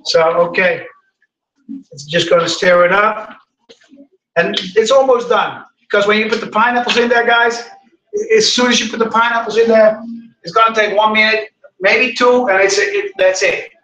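A middle-aged man hosts a casual live cooking stream, chatting to viewers in a rambling way. His voice is high-pitched, steady and sharp, at a normal speed, and the mic sits far off in an echoey room.

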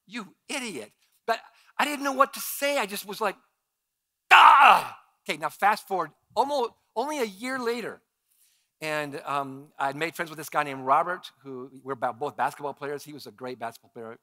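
A male pastor preaching a sermon, telling personal stories and acting out his own past lines with animated shifts. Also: on the high side. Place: church sanctuary.

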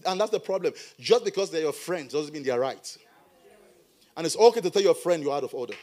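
A middle-aged man preaching a sermon as a pastor in church, animated with playful asides. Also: fairly high pitch, a little fast.

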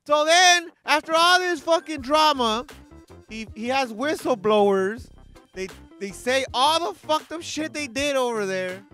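A vlogger delivers a casual commentary rant with a bright, edgy voice. The speech is slangy and profane, jumping between excited exclamations and mocking voices for the people being quoted. Faint music plays underneath. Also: high voice, measured pace.

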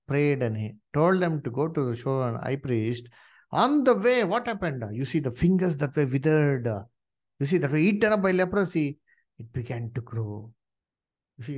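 Animated preacher with a lively voice. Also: male voice, on the high side, moderate pace. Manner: animated, many "you see" and "uh" fillers; addresses listeners as "dear brethren". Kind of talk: Bible study sermon.

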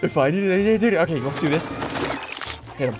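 A man commentates his own gameplay in a fairly high, lively voice. He teases his friends and breaks into sudden shouts. Upbeat music plays clearly behind him. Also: moderate pace. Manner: hyper, shouty bursts, teasing. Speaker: gaming video host. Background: background music.

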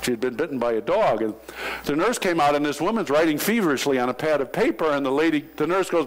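A male pastor preaching a sermon, telling jokes and stories in an animated way. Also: fairly high pitch, fast talker, poor audio. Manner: animated storytelling with joking asides. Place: church sanctuary.

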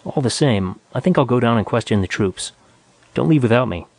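A weary inspector with a dry, muttering wit, voiced by a male narrator at an ordinary middle pitch. The sound is close and dead, with no echo. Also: expressive, fairly quick, gravelly, a little mellow. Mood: businesslike. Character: gruff middle-aged male rocket inspector.

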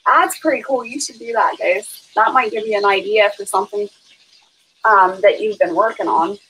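A woman's voice: mid-range voice, moderate pace, a bit bright, slight background noise, low-quality recording. A woman hosting a casual live stream, chatting and reading out viewer comments. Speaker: homestead channel host.

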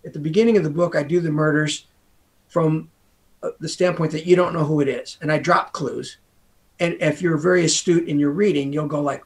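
Creaky-voiced American man chatting. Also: fairly high pitch, steady tone, a little fast. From United States. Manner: rambling, full of "you know" asides. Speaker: guest author. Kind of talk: casual interview chat.

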